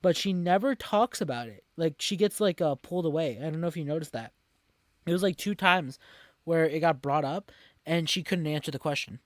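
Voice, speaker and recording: A man's voice: a little high, fairly quick, no room sound. Rambling podcast guy, dry close sound. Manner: rambling, lots of fillers and restarts. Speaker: podcast co-host. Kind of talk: casual chat recapping an episode.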